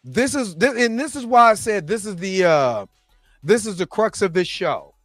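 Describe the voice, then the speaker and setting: A man's voice: high voice, animated, normal speed, a bit bright, no room sound, clean studio sound. A man hosting a reaction show, recapping episodes in a loose, slangy, rambling way full of restarts and asides.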